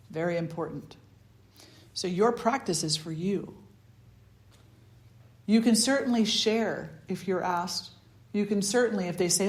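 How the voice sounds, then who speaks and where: A woman's voice: medium pitch, unhurried, pauses often. Female spiritual teacher, conversational talk with storytelling, mid-range voice. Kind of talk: informal dharma talk.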